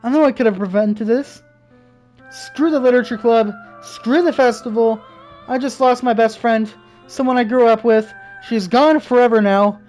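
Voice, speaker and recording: A woman's voice: on the high side, moderate pace, darkish tone. A young woman playing through a visual novel, reading its text aloud and breaking off into frightened swearing. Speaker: gaming streamer. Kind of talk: let's-play, reading game text aloud. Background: faint game music.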